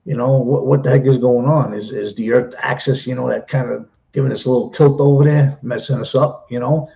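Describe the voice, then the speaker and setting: A man's voice: medium pitch, steady tone, brisk, vocal fry, warm tone, lo-fi sound. A middle-aged man chatting casually on a live stream, rambling and repeating himself as he talks.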